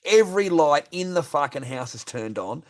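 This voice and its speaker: A man's voice: fairly high pitch, animated, normal speed. A man on a livestream, ranting profanely and asking "right?" again and again. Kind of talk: unscripted livestream rant.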